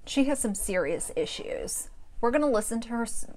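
A woman's voice: on the high side, lively intonation, moderate pace, a little mellow. A woman giving blunt, indignant commentary on a video clip. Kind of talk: reaction commentary.

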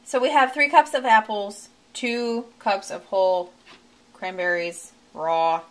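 A woman's voice: mid-range voice, fairly even intonation, slow. A woman hosting a home cooking demonstration in her kitchen, chatty and giggly, poking fun at herself as she works. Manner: chatty, giggly, self-deprecating. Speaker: cooking show host.

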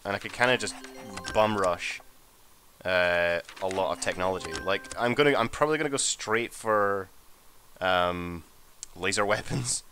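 A man giving casual, sweary gameplay commentary as a let's play host, excitable and muttering to himself as he plays. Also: low voice, measured pace, a little hiss or hum.

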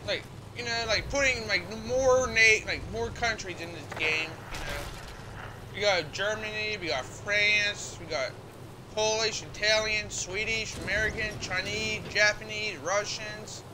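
A man streaming a video game, chatting casually in a rambling, halting way with lots of fillers and restarts. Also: sits high, background noise. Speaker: gaming livestreamer. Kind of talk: casual gameplay commentary.

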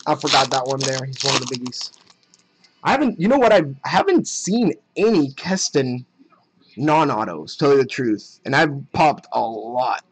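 A young man chatting casually while opening trading card packs on a live break, excited at the hits and muttering asides. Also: mid-range voice, moderate pace, slightly rough, rough recording.

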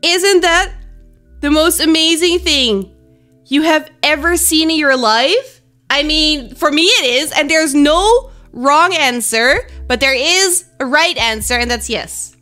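A young woman streaming live, chatting and laughing easily with her viewers. Her voice sits high and bright. Soft music plays faintly underneath. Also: slow. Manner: bubbly, giggly, chats with viewers. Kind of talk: casual live-stream chat.

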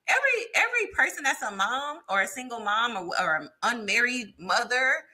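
A young woman guest in a casual interview, her voice very bright and sitting a little high. She hesitates with fillers and restarts, then jumps up sharply when she quotes others. Her delivery is animated throughout. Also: normal speed. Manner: animated, acts out quoted lines with big pitch jumps. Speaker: guest panelist.

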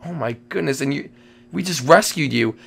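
Excitable gravelly young-sounding man host. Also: a little high, moderate pace. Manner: excitable, exclaiming and repeating himself. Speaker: channel host and Minecraft role-play player. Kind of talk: excited game role-play commentary.

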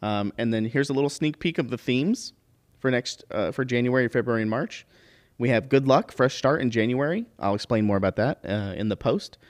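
A man hosting a casual livestream chat, easygoing and hesitant, often pausing on filler sounds. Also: medium pitch. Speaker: livestream host.

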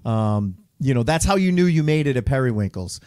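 A middle-aged man hosts a relaxed podcast conversation, chatty and quick to laugh. His voice sits in a middle register and is recorded dry and close, with no room sound around it. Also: mid-range voice, clean tone, no echo. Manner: laughs often, chatty and joking. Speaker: podcast host. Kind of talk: casual chat. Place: podcast studio.

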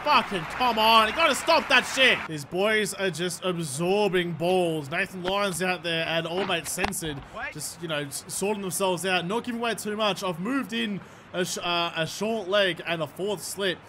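A young man talks through a cricket game as he plays it. His voice sits high, and he swings between excitement and annoyance, swearing freely. A clear hiss of noise runs under the recording. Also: moderate pace, hardly any pauses. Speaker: gaming YouTuber. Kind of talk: gameplay commentary.

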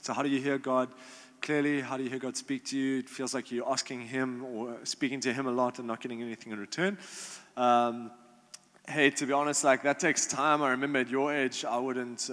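A young adult man in a youth group fields questions casually, full of fillers and restarts. His medium-pitched voice is a bit bright, and the recording has a long hall reverb.

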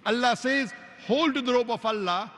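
A man giving an emphatic religious lecture, citing scripture verses by number and reciting Arabic verses quickly. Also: very high-pitched, a bit bright, in a large hall. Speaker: Islamic preacher.

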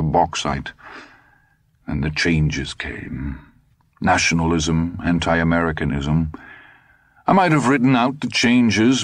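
A man's voice: low-pitched, no echo, exaggerated voice. A man voicing a dry, cynical old fugitive. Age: older. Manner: dry, sardonic, measured.

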